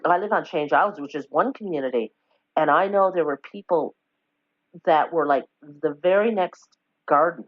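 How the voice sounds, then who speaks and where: In dry, dull lo-fi podcast audio, a Newfoundland woman with a low-pitched voice talks at a moderate pace. It's a casual interview conversation where she rambles, corrects herself, and tells warm stories punctuated by laughter.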